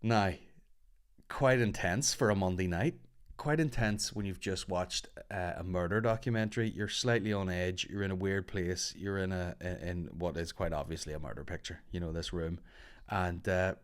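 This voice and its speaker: A man's voice: low-pitched, moderate pace, smooth. A man, telling a rambling, profane, self-mocking story as a podcast host. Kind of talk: casual comedic storytelling.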